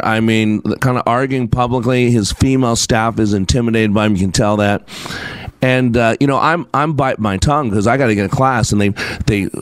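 A man's voice: mid-range voice, no echo. A man hosting a talk show, telling stories in a rambling, anecdotal way with many fillers and restarts, and bringing in scripture. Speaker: show host and customer service teacher. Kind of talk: casual spoken monologue with scripture.

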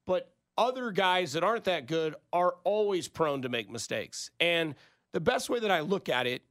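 A man's voice: a little high, lively intonation, moderate pace, fairly bright tone. A man co-hosting a sports talk show, building his arguments with analogies and acted-out quotes. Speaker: sports radio co-host.

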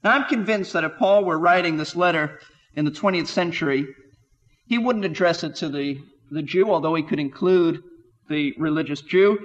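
Emphatic high-voiced male Bible teacher. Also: moderate pace, long reverb tail, highs cut off. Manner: emphatic, rhetorical questions, quotes scripture with rising voice.

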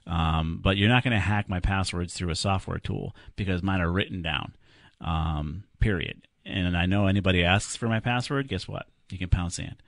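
A man hosting a call-in tech radio show, giving quick, plainspoken, jokey practical advice to callers. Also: sits low, creaky, a bit bright, no echo, studio quality. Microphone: studio microphone.

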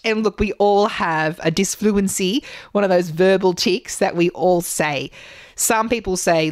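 A woman hosting a podcast, giving public speaking tips in an animated, gesturing way from a studio microphone. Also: mid-range voice, a little slow, no room sound. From Australia. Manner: animated, gestures a lot while talking. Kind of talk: solo podcast teaching.

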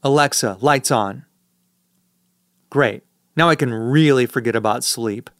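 Smooth dry-voiced male audiobook narrator. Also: mid-range voice, unhurried, no echo. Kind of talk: first-person audiobook narration.

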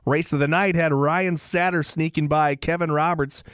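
A man co-hosting a racing talk show, reading results in a relaxed, halting way with many fillers and restarts. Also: on the high side, clear, resonant tone, dry recording, clean studio sound. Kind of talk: casual sports radio chat.

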